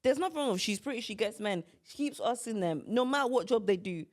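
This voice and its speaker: A young woman from Kent hosts a casual podcast chat. She is blunt and opinionated and slips into quick impressions of her friends between laughs. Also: fairly high pitch, animated, a little mellow. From Kent, England. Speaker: podcast host.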